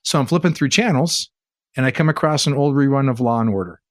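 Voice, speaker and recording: An earnest man from California's Bay Area recounts a story in a conversational interview. He talks in an animated way and keeps asking rhetorical questions. His mid-pitched voice sits dry and close on a podcast mic. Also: fast, no echo. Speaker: interview guest, church leader.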